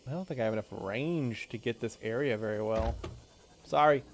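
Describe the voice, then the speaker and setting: A man's voice: mid-range voice, normal speed, slight background noise. A man streaming a game live, chatting casually and swearing as he thinks aloud. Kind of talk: live gameplay commentary.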